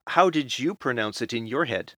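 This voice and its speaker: A man's voice: medium pitch, lively intonation, moderate pace, pushed and bright, dry recording, clean studio sound. A man hosting a casual podcast interview, asking questions politely and evenly. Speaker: podcast host.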